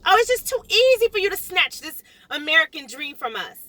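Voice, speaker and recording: A middle-aged woman from South Florida vents into the camera, emphatic and animated, circling back to repeat her points. Her voice sits high and bright. The sound is close and dry, with almost no room around it. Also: a little fast, no echo. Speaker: realtor. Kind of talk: impassioned vlog rant.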